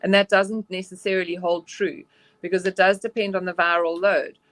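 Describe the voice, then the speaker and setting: Measured woman doctor, dry sound. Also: fairly low pitch, level tone, a bit bright, no echo. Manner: measured, explanatory, with frequent um and uh. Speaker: doctor guest. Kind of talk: remote interview answers.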